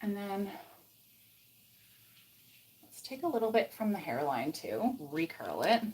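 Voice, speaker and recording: A young woman with a Canadian accent chats loosely as she curls her hair on a livestream. She rambles between steps and reads viewer comments aloud. Her voice sits at an ordinary middle pitch. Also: very animated, unhurried, darkish tone, slightly rough. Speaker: beauty vlogger. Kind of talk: casual livestream chat while styling hair.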